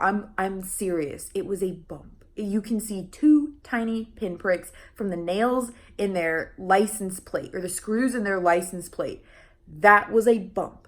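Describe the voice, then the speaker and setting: Chatty young woman vlogging. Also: mid-range voice. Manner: chatty, many fillers and restarts, laughs often. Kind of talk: casual vlog chat.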